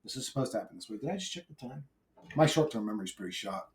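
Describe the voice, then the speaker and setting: A man's voice: medium pitch, big pitch swings, rapid-fire. Brash, swearing man ranting at the camera. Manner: brash, profane, swings between shouting rants and mumbled asides. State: intoxicated. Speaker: YouTuber. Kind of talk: solo ranting vlog.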